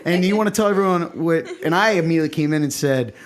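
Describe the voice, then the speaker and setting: A man's voice: on the high side, quick pace. A man co-hosting a casual talk show, telling funny stories and laughing hard as he goes. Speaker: co-host.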